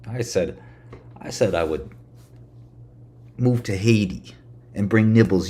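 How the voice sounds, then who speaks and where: A man's voice: on the low side, slow, mellow, slightly rough. A man ranting sarcastically on a livestream, swearing and mocking his audience. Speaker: streamer.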